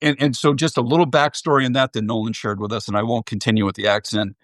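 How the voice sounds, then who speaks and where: A man's voice: mid-range voice, steady tone, quick pace, a bit bright, dry recording. A middle-aged man, a former baseball executive, chatting candidly as an interview guest with anecdotes and self-deprecating humor. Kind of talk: casual interview chat.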